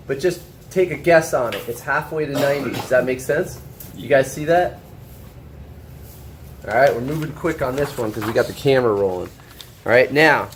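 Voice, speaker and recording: A man teaching a high school shop class, walking students through a drawing step by step, checking in often and joking with them. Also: a little hiss or hum. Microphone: camera held by a student.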